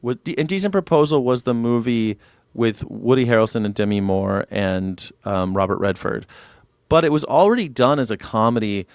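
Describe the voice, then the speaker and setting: A man's voice: medium pitch, expressive, moderate pace, a little mellow, no echo, clean studio sound. A man hosting a live news reaction show, talking loosely and profanely in rambling rebuttals. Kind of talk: casual reaction commentary.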